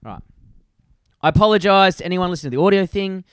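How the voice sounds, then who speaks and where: A man tells a story in a heated, profanity-laced rant, co-hosting a casual podcast. His voice sits a little high and comes through smooth and clear. The sound is dry, as if he is speaking close to a video-call mic. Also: fast, dry recording. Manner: ranting, swearing, animated storytelling. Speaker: podcast co-host.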